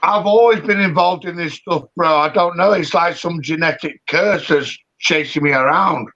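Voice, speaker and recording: A man, calling in to a live stream and rambling loudly in casual chat, swearing freely. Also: a little high, moderate pace. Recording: dull lo-fi audio.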